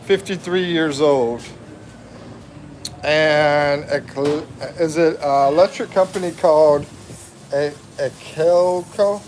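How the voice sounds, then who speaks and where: A man in his fifties from the USA hosts a relaxed livestream, reading out viewer comments and laughing a lot. His voice is slightly high and slow, with a darkish tone and a faint hiss or hum.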